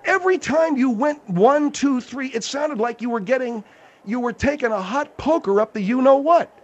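A man's voice: very high-pitched, lively intonation, moderate pace. A man hosting a comic radio talk show, blunt, bossy and exasperated. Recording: dull lo-fi radio recording.

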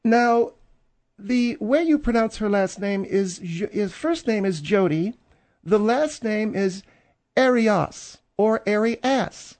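A man's voice: high voice, expressive, takes it slowly, darkish tone, pitched above the performer's own voice. Brief: man playing a snooty, affected woman co-host; pompous, catty, comedy talk radio. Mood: haughty. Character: prissy, snobbish middle-aged woman co-host.

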